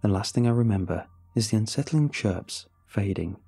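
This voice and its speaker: A man narrating a horror story in first person, with steady, measured storytelling. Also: lowish voice, vocal fry, husky, faint music behind.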